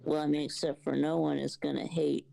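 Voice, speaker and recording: A man co-hosting a sports podcast, asking halting questions and chiming in with short agreements. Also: a little high, level tone, creaky, mellow, rough recording. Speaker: podcast co-host. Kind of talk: casual sports talk.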